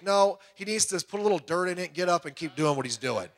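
Animated middle-aged male pastor preaching. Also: quick pace, few pauses. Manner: animated, acts out quoted voices with big pitch jumps. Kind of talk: sermon.

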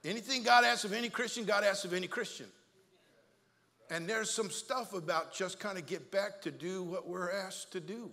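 Sharp-voiced, lively preacher man. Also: high-pitched, moderate pace, vocal fry, pauses often, long reverb tail. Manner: energetic, jokey, repeats words and acts out voices. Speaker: pastor. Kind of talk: comic storytelling sermon. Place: church sanctuary.

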